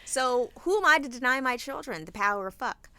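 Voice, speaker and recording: A woman in her thirties co-hosting a podcast, chatting candidly and swearing freely while telling animated stories about her children. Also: sits high, brisk, no room sound. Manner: candid, profane, animated storytelling. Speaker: podcast co-host. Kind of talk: casual chat.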